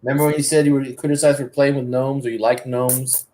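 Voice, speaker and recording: A man guest on a live stream, speaking in a slow, halting, reflective way. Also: mid-range voice, little pitch movement, dark tone. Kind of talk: casual chat. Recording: faint background noise.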